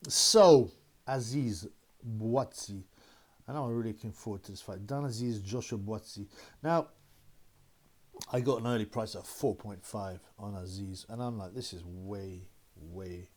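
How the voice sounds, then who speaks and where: A man's voice: lowish voice, a little mellow. A man hosting a boxing channel, rambling casually and laughing as he talks. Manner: rambling, laughing, mocking impressions of critics. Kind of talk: casual solo commentary.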